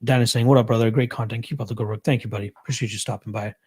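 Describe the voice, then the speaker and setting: A man's voice: medium pitch, steady tone, very fast, darkish tone, breathy edge. A young Canadian man hosting a casual live stream, reading chat and answering betting questions in a laid-back, chuckling way.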